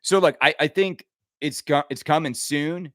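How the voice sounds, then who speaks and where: A man hosting a podcast, ranting casually with sarcasm and quick asides. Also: on the high side, dry recording, clean studio sound. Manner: animated, sarcastic, riffing with laughs and mock impressions. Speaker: podcast host.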